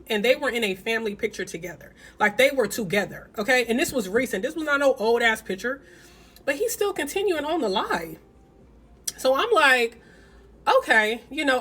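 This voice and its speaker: Young woman spilling the tea, kinda high voice, cussing, acting out the back and forth. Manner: blunt, profane, animated retelling with quoted dialogue. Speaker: storytelling vlogger. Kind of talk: casual storytime.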